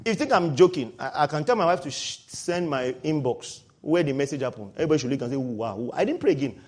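Animated high-voiced pastor preaching. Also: male voice, fast. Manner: animated, shifts from loud exclaiming to low asides. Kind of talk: sermon.

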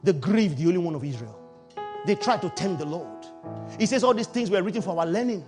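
Male preacher, very high voice, emphatic sermon, faint music underneath. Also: brisk. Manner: emphatic, animated preaching with sudden loud outbursts.

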